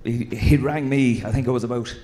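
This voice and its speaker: A man's voice: medium pitch, steady tone, brisk, dark tone. Irish man swearing through a dressing-room story. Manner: swearing, anecdotal, mimics the old manager. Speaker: former player, guest. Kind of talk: casual storytelling at a live podcast show.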